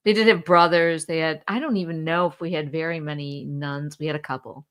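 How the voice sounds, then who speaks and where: A woman's voice: deep voice, fairly even intonation, a little fast, fairly bright tone, smooth. Candid, laughing woman co-host. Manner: laughs often, candid and profane. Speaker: podcast co-host. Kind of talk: casual chat. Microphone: video call.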